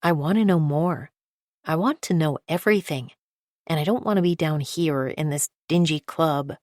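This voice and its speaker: A woman narrating a thriller audiobook in the first person with a steady, measured reading. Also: deep voice, no echo, clean studio sound.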